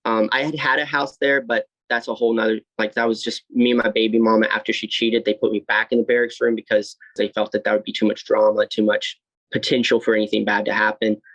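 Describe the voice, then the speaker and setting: A young man speaks in a low, flat voice as he recounts his past with blunt honesty, cursing often and stopping to restart. The sound is dry and a little dull, like a close, lo-fi podcast mic. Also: fast talker, no echo. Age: 20s. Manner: blunt, swears freely, many fillers and restarts. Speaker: podcast guest. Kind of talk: candid personal storytelling.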